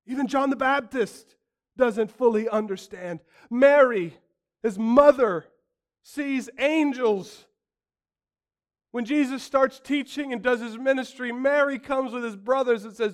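A man preaching a sermon, acting out quotes dramatically and swinging from loud outbursts to hushed lines. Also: very high-pitched, normal speed.

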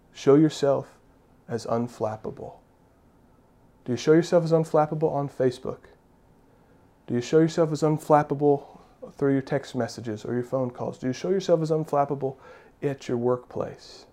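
A pastor delivers a sermon in a mellow, mid-range male voice. He preaches emphatically, repeating his key phrases and putting rhetorical questions to the congregation.

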